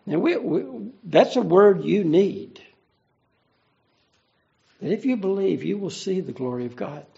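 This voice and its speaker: High, gravelly male preacher, lo-fi. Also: animated, a little slow, mellow. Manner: earnest, conversational, explaining each verse. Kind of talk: verse-by-verse Bible teaching. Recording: dull lo-fi recording.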